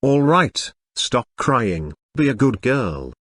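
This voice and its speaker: A synthetic male voice reading the lines of a gentle, affectionate young husband who soothes his wife in a web novel audiobook. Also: medium pitch, very animated, slow pace, breathy edge, dry recording, studio quality, heavily acted. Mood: soothing.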